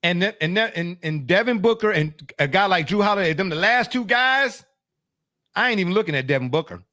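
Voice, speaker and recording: A man's voice: sits high, expressive, fairly quick, pushed and bright, no room sound, studio quality. A middle-aged man co-hosting a sports talk show, emphatic and slangy, laughing often as he argues.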